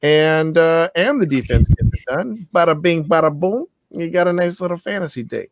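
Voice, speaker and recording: A playful man from the American South co-hosting a sports podcast. He talks briskly in a fairly high voice. The sound is dry and close to the mic. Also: animated, no room sound. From Southern United States. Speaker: podcast co-host. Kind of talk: casual sports chat.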